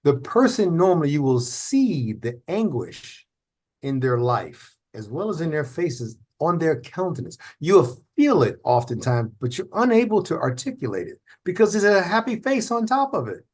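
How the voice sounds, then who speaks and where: A man's voice: a little high, sing-song, normal speed, darkish tone, slightly rough. Man hosting a reflective therapy podcast. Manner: reflective, explaining with acted examples. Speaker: podcast host. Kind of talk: conversational podcast talk.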